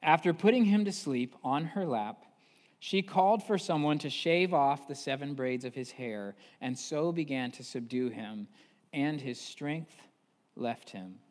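A male pastor preaching a sermon in a church, retelling a story in casual, animated style with fillers. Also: medium pitch, measured pace, long reverb tail.

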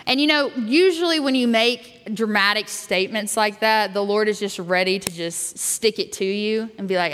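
A woman's voice: mid-range voice, normal speed, hardly any pauses, fairly bright tone. Candid woman preaching in a reverberant hall. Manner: candid, storytelling, many fillers and restarts. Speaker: youth pastor. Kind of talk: sermon with personal story.

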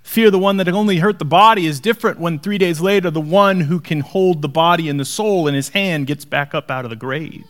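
Male pastor, high voice, dramatic sermon delivery, hushed near-whispers, playful asides. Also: fairly quick, hardly any pauses.

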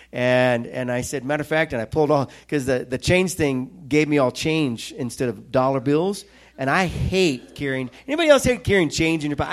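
A middle-aged man preaching a sermon, telling stories with lively quoted voices. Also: mid-range voice. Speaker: pastor.

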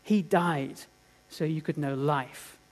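A man preaching a sermon, telling a story earnestly and dramatically, swinging from loud to hushed. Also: on the high side, slow pace.

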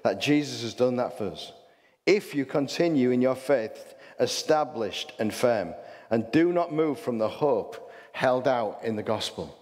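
A man's voice: mid-range voice, animated, measured pace, darkish tone. A man with a Hull accent preaching a sermon, chatty and full of rhetorical questions and restarts. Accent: Hull English. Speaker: pastor. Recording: long hall reverb.

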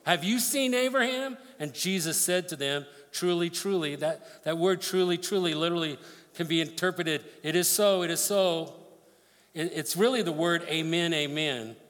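Male pastor, high voice, sermon with scripture readings, echoing hall. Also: moderate pace, fairly bright tone. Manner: reads scripture aloud then explains it, emphatic.

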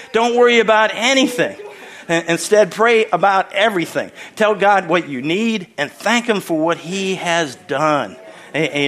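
A man's voice: a little high, a bit bright. A man in his sixties from the Philadelphia area, preaching a sermon as guest pastor with jokes and frequent hallelujahs. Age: 60s. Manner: joking, exclamatory, frequent hallelujahs.

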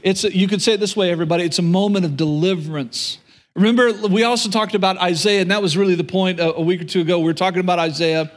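A male pastor with a fairly high voice preaches to a congregation. He speaks earnestly, doubling back on his words, and slips into paraphrasing God's voice. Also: steady tone, quick pace. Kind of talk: sermon. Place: church room with audience.

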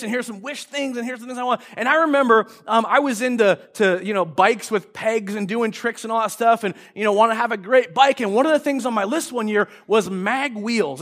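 High-voiced, animated male pastor. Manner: animated storytelling, acting out excited kids in loud high bursts. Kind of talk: sermon. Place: church.

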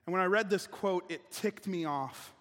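Man, pastor, sermon, fairly high voice, conversational, emphatic, restarts, long hall reverb. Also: normal speed, a bit bright.

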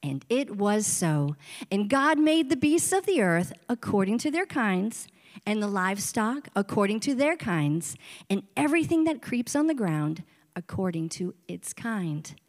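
A woman reading scripture aloud in a measured, reverent way. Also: mid-range voice, sing-song. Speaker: scripture reader. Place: church sanctuary. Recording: reverberant hall.

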